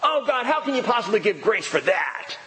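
A preacher putting on a whining devilish accuser. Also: male voice, high voice, big pitch swings, a little fast, sharp tone, slight background noise, pitched above the performer's own voice, heavily acted. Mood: indignant. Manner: accusing, incredulous. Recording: reverberant hall.

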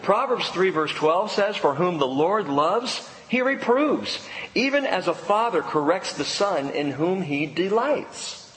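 A man preaching a sermon to a congregation, lively, stretching out key words for emphasis. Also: high-pitched, measured pace, a little hiss or hum. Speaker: pastor. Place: church sanctuary. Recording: long hall reverb, faint ambience.

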